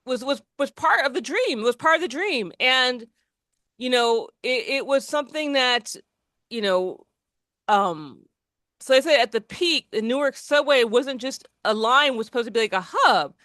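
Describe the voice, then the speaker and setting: Bright, chatty woman in a dry room. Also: high-pitched, lively intonation, unhurried, no room sound. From New Jersey. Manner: rambling, many restarts and fillers, laughs often. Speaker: podcast co-host. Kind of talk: casual chat.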